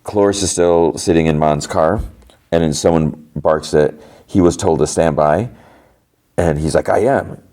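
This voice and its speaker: A man's voice: very deep voice, fairly even intonation, mellow. A man hosting a podcast, casually recapping a TV episode scene by scene and quoting the characters' lines as he goes. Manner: retells scenes with lots of "he's like" and quick quoted lines.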